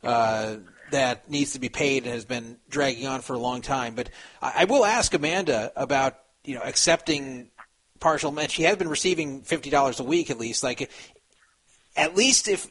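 A man hosting a talk show in a mid-pitched voice. He weighs each point slowly and hesitantly, with frequent fillers as he thinks aloud. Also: animated, a bit bright. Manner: measured, hesitant, many fillers.

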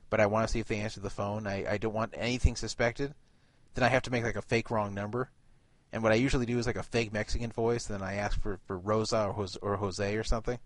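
Male host, casual and rambling, mid-pitched voice, music underneath. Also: no room sound. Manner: rambling, self-correcting. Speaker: host of an online radio show. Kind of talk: casual chat.

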